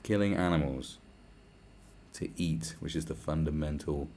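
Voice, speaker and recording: Man, extremely low voice, gravelly fry, crude sarcastic rambling podcast rant. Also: measured pace, a little mellow, a little hiss or hum. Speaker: podcast host. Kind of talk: profane solo rant.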